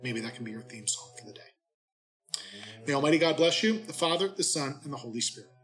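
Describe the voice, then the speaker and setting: Man reading scripture with measured reverence. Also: medium pitch, animated, a bit bright, low-quality recording. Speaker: clergyman giving daily readings and reflection. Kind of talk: scripture reading and short homily.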